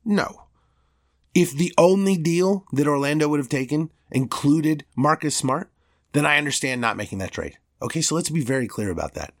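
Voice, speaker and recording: Fired-up male sports podcast host, slightly higher-pitched than most, angry and emphatic, swears freely. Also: animated, moderate pace. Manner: heated, profane, emphatic. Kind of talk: opinionated sports rant.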